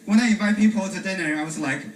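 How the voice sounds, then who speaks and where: A man from China with a Chinese accent, doing a stand-up comedy set in a deadpan way with frequent "uh" pauses. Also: high voice. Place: comedy stage before a live audience. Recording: echoey stage from far off with loud room noise.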